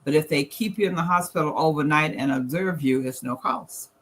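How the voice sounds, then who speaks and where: A man with a Southern US accent speaks in a bright, slightly high voice. He presents an earnest, plain-spoken talk at a church gathering and reads verses aloud in the same teaching tone. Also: a little fast. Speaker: guest presenter. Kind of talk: church financial talk with slides.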